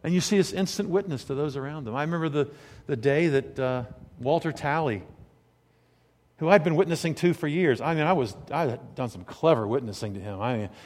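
A male pastor delivering a sermon, moving between soft, intimate storytelling and loud, fervent preaching. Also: mid-range voice, in a large hall.

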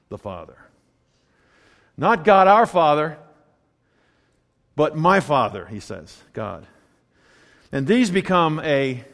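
A man preaching a sermon in a conversational way, swinging between quiet, low asides and emphatic, rising points. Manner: conversational preaching, drops to a low murmur then rises emphatically. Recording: long hall reverb.

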